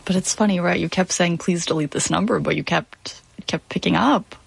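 A woman hosting a podcast, switching between scripted narration and measured, curious questions to her guest. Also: fairly low pitch, vocal fry, husky.

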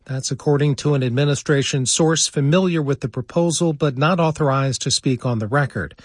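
A man reading a national radio newscast with a crisp, even delivery. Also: mid-range voice, a little fast, no echo, studio quality.

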